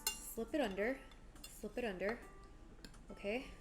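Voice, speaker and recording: A fairly high-voiced woman is cooking on a live stream in her home kitchen, jittery and coaching herself out loud. Soft music plays in the background and dishes clatter. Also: moderate pace. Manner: nervous, talks herself through each step; reads out viewer chat messages.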